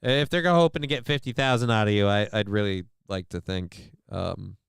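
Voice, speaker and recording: A man's voice: on the low side, steady tone, fairly quick, gravelly, clear, resonant tone, dry recording. A man hosting a livestream, chatting casually with his viewers in a rambling, joking, profane way. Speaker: livestream host. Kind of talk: casual chat to a live chat.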